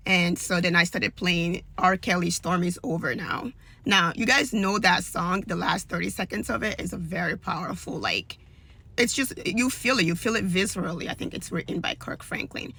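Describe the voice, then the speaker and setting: Husky woman telling a faith testimony. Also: fairly low pitch, a little fast, pushed and bright. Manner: emotional, earnest, conversational with fillers. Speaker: storyteller giving a faith testimony. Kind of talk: personal testimony storytelling.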